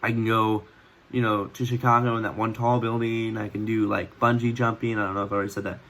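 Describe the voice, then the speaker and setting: A man's voice: lowish voice, level tone, quick pace, fairly bright tone. A teenage boy vlogging at home, telling a long story in a casual, rambling way, full of restarts and fillers, laughing often.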